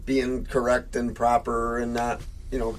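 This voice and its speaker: A man's voice: medium pitch, completely flat delivery, a little slow, a little hiss or hum, low-quality recording. A man in his fifties co-hosting a casual podcast chat, telling meandering stories with chuckles in between. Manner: rambling, chuckling storyteller. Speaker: podcast co-host.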